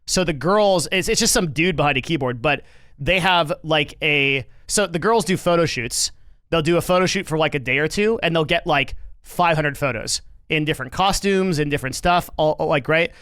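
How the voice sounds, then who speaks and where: A man's voice: fairly high pitch, normal speed, fairly bright tone, clean tone, no echo. A man streaming and reacting to news in casual commentary, rambling with lots of fillers, restarts and swearing.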